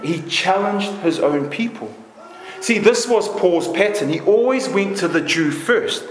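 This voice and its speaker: A man's voice: high voice, animated, a little slow, a little hiss or hum. A man preaching a passionate, emphatic sermon, building his points through repeated lists. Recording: echoey room.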